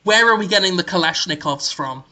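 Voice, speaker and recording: Podcast host, man, deadpan mock-serious delivery, bright and forceful tone. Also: high-pitched, a little fast. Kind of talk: casual podcast banter.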